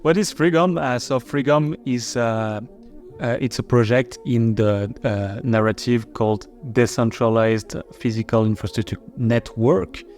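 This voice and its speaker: A man's voice: medium pitch, fairly even intonation, a little slow, darkish tone, soft background music. A man with a French accent, a marketing chief, explaining his project in a casual podcast, with many fillers and restarts.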